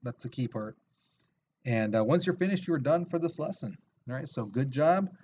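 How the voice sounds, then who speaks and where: A man's voice: medium pitch, lively intonation, normal speed, darkish tone, lo-fi sound, a little hiss or hum. A male teacher giving a recorded video lesson in a casual, chatty way with lots of fillers.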